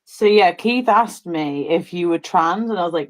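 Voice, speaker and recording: A woman's voice: lowish voice, sing-song, moderate pace. A woman with a Welsh accent hosting a casual livestream chat, playful and self-mocking as she talks. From United Kingdom. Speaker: livestream host.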